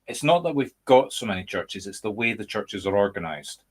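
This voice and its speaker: A man's voice: on the low side, expressive, fairly quick. A Scottish man hosting a casual chat over a video call, speaking emphatically and candidly. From Scotland. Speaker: medium and podcast host.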